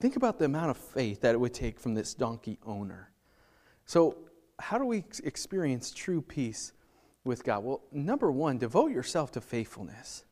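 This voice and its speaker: A man preaching a sermon as pastor, acting out scenes in quick voices. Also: medium pitch, big pitch swings, darkish tone. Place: church.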